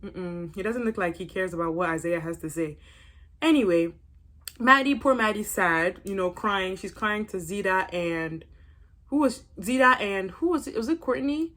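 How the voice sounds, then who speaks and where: A young woman hosting a casual review vlog, talking in a gossipy, animated way with exclamations and quick asides. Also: mid-range voice. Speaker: YouTube reality-TV reviewer.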